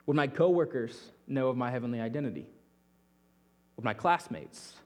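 A young adult man preaching a sermon as pastor, earnest, often dropping his voice softly at the ends of phrases. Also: mid-range voice, lively intonation, normal speed. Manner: earnest, drops to a soft near-whisper at phrase ends.

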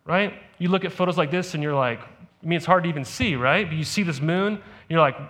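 Male pastor with a high voice, talking through a sermon like a chat and tossing in "right?" to the congregation. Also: a little fast, a bit bright. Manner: conversational, peppered with "right?" asides. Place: church service.

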